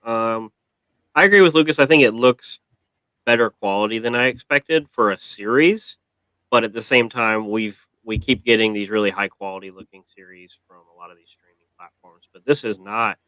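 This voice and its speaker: Bright-voiced man hosting a react chat. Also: lowish voice, moderate pace, dry recording, rough recording. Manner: joking, teasing. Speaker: host.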